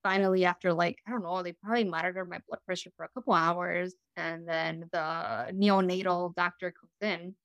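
Smooth-voiced young woman telling her story. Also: on the low side, fairly even intonation, fairly quick, hardly any pauses, fairly bright tone, no echo. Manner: chatty, full of "you know" and "like". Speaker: podcast guest. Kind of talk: casual storytelling in an interview.

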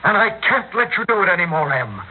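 A man's voice: high voice, very animated, fast talker, breathy edge, heavily acted. An actor playing a weary middle-aged husband confronting his wife in an old radio drama, pleading and anguished. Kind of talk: 1950s radio acting. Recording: tinny old radio recording.

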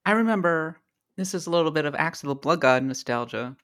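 A woman hosting a podcast in casual chat, playful and quick to laugh. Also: low voice, expressive. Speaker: podcast host.

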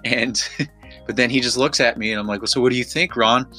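A man's voice: medium pitch, a little fast, bright, forceful tone, soft background music. An American man co-hosting a podcast, telling a story in a rambling, casual way with fillers and restarts. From United States. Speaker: podcast co-host.

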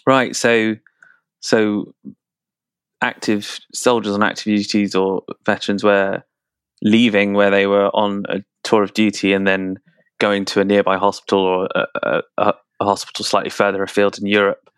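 A man's voice: lowish voice, flat delivery, normal speed, clear, resonant tone, no room sound. A man interviewing a guest, hesitant and repeating words as he frames his questions. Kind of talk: conversational interview.

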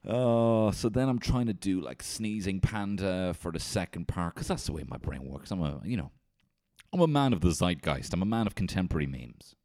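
Man, very deep voice, lively swooping pitch, comic monologue, swears a lot. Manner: animated, sweary, jumps into shouted impressions. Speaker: comedian. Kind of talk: storytelling comedy monologue.

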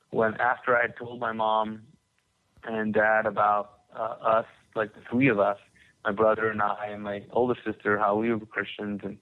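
A man telling his story as a podcast guest, rambling with many restarts and repeated words. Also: on the low side. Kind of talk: conversational testimony. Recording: tinny phone-like line.

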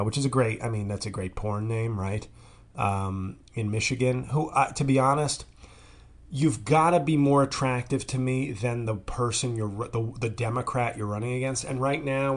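A man's voice: medium pitch, a little hiss or hum. A man in his thirties hosting a podcast, telling a rambling, crude, self-mocking comic monologue. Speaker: podcast host. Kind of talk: casual comedic monologue.

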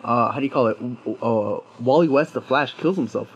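A man's voice: medium pitch, fairly quick, breathy edge, muffled recording. A young man in casual chat who keeps jumping in with objections. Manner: argumentative, jumps in with objections.

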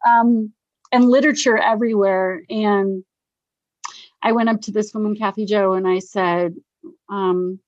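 A woman's voice: medium pitch, measured pace, pauses often, no echo. Chatty woman telling her story, dull dry sound. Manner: animated, acts out quoted voices, laughs often. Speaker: guest sharing recovery story. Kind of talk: casual personal storytelling. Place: Denver area.

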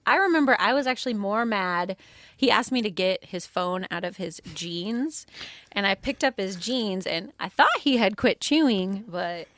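A woman's voice: mid-range voice, animated, normal speed, a bit bright, no room sound. A woman, a podcast guest, telling a candid personal story in a casual interview and laughing often. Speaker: podcast guest, spouse of a first responder.

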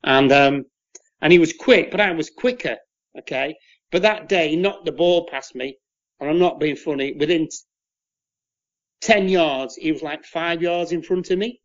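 A man's voice: on the high side, moderate pace, lo-fi sound. A man, a former footballer telling rambling stories as an interview guest, repeating words and acting out the voices of people he quotes. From England. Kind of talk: casual anecdotal storytelling.

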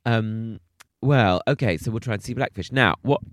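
A man's voice: on the low side, moderate pace, no echo. Man, podcast co-host, casual chat, teasing, dry close recording. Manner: playful, laughs often, teasing.

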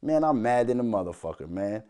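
Very animated and fairly quick, his smooth, lowish voice drives a furious rant on his own podcast. The host hails from Minnesota, USA, and he swears constantly, shouts, and sneers through mocking quoted asides.

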